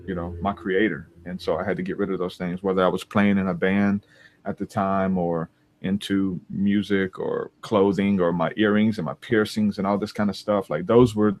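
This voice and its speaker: A man's voice: low-pitched, a little mellow. A man hosting a faith podcast, speaking earnestly and leading a healing prayer with repeated declarations. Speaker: podcast host and prayer minister.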